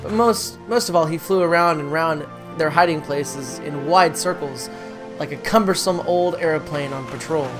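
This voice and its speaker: A gamer reading a story game's text aloud in a slow, soft storybook manner, with game music playing behind. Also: medium pitch. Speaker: let's play gamer.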